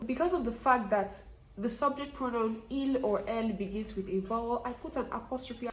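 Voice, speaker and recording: A woman's voice: on the high side, echoey room. Upbeat woman teaching a French lesson. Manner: asks learners questions and answers them herself. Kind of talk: online language lesson.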